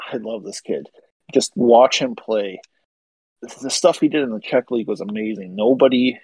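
A man's voice: medium pitch, gravelly, a little mellow, slightly rough, dry recording, low-quality recording. A man co-hosting a casual sports podcast, talking eagerly and gushing about players he likes. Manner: enthusiastic, gushing about prospects. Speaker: podcast co-host. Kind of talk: casual hockey podcast chat.

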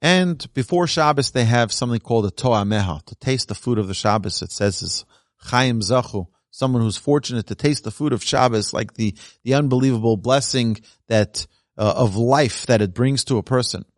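A man leads a religious lesson as a rabbi, with a voice of ordinary pitch. He tells his points as stories and acts out the people in them with animation. The sound is dry, with no room echo. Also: normal speed. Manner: animated storyteller who acts out quoted voices. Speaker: rabbi teaching a podcast class. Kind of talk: storytelling Torah lesson.

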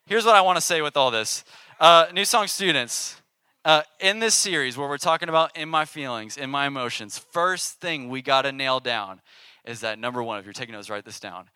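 A young man giving a casual, animated sermon to a youth group, with call-and-response. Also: mid-range voice, a little fast, smooth, no echo. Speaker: youth pastor.

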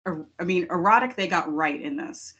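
A woman co-hosting a casual film podcast, telling her views in an animated, expressive way. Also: fairly low pitch, moderate pace, husky. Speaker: podcast co-host. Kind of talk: casual discussion.

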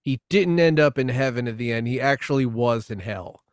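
A man in a casual podcast chat with a middle-range voice. He is wry and quick to laugh. The mic is close and dry, with no room sound. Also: mid-range voice, smooth, no room sound. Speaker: podcast co-host. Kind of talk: casual chat and read-aloud prologue.

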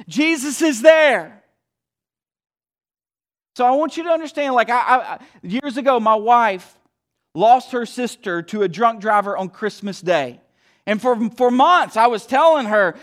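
A man preaching a sermon with a strikingly high voice. He speaks slowly and deliberately, swinging between hushed passages and emphatic pushes. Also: animated. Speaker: pastor.

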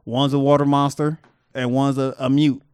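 A man's voice: mid-range voice, flat delivery, moderate pace, a little mellow, clear, resonant tone, dry recording. A man co-hosting a casual podcast chat, joking, needling and often laughing. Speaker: podcast co-host.

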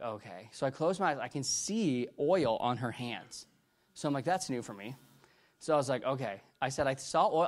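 A man preaching, telling a story and acting out the people in it with lively jumps in his voice. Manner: animated storyteller, acts out quoted dialogue with big pitch jumps. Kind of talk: storytelling sermon.

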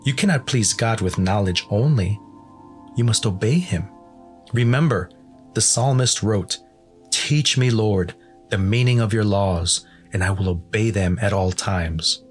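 A man's voice: fairly low pitch, measured pace, soft background music, lightly acted. A man voicing an earnest, devout male pilgrim who speaks sincerely and plainly.

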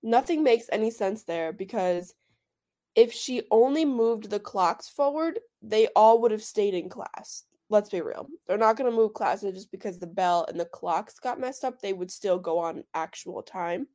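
Mellow-voiced woman picking apart a movie. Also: mid-range voice, lively intonation. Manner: chatty, quick to point out plot holes, frequent "like". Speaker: podcast guest. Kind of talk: casual movie discussion.

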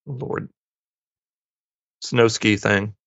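A man's voice: fairly low pitch, steady tone, very slow, creaky, a bit bright, no echo. A man co-hosting a podcast, casually retelling a movie plot and acting out the characters' lines in passing. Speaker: podcast co-host. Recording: dull lo-fi dry sound.

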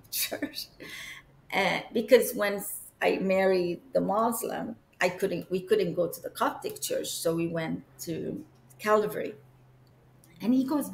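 A woman's voice: medium pitch, slow, gravelly. A woman guest earnestly recounting a personal experience, at times searching for words. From Egypt. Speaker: interview guest. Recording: echoey room.

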